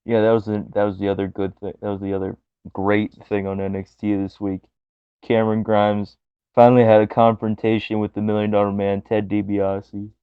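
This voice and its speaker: Low-voiced man, laughing, swearing podcast chat. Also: fairly quick, clear, resonant tone, no echo, phone-quality sound. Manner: laughs often, swears, animated bursts. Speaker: podcast co-host. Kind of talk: casual chat.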